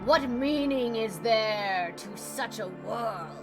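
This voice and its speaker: A grim villain, read out by a woman, who condemns all humanity in slow, weighty phrases. The voice comes lower than her usual talk and sounds set back from the mic, with music behind. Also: animated. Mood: solemn. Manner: slow, solemn, measured.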